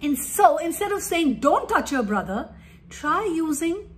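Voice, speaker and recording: A woman's voice: very high-pitched, big pitch swings, measured pace, a little hiss or hum. A woman parenting coach giving earnest, emphatic advice to parents in an instructive talk.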